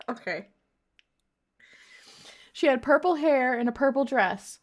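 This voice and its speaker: A woman's voice: on the high side, takes it slowly, pauses often. A woman streamer reading bad fanfiction aloud, breaking off for mocking, profane asides.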